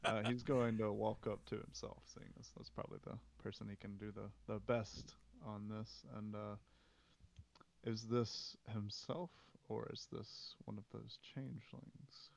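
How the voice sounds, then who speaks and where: A man's voice: lowish voice, flat delivery, a little slow, vocal fry. A man playing a tabletop game, describing his character's actions in a hesitant, thinking-aloud way. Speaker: player.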